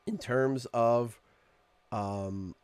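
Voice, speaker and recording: A man's voice: medium pitch, very slow, a little mellow, smooth, no echo. A Canadian man hosting a casual live stream from his home room, joking and playfully complaining at his desk mic. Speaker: streamer host.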